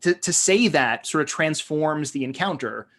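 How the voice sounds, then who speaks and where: A man's voice: fairly high pitch, animated, moderate pace, fairly bright tone. An American man co-hosting a podcast, talking in a rambling way with many fillers and restarts. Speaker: podcast co-host. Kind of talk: casual discussion.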